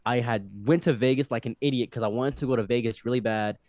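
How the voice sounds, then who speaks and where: A young man in his twenties, a podcast guest telling a story in casual conversation, animated and often restarting his sentences. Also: mid-range voice, fast talker, dry recording, clean studio sound. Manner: animated, with frequent restarts and acted-out quotes.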